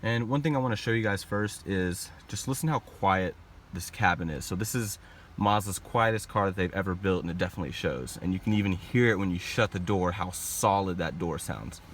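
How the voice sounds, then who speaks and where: Deep-voiced young man touring a car. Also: fairly quick, a little hiss or hum. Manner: relaxed, chatty, many fillers like "like" and "you know". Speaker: car reviewer. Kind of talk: casual product walkthrough. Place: inside a car.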